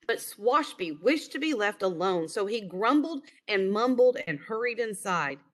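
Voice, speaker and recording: A woman reading a children's picture book aloud in an expressive storytelling manner, recorded over a screen share. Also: mid-range voice, a little slow. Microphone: online screen-share recording.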